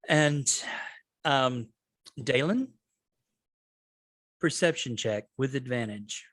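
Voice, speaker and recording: Slow, loose-talking male game master. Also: medium pitch, a bit bright, no echo. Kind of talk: narrating a tabletop game.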